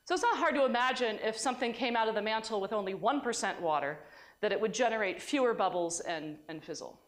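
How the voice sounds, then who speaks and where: A woman's voice: a little high, expressive, quick pace. A woman giving a university science lecture in a conversational way, often restarting her sentences. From United States.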